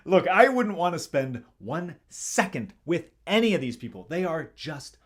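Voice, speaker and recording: A man's voice: on the high side, very animated, unhurried, slightly rough. A man hosting a comedic movie review, narrating the plot with sarcastic asides. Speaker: host.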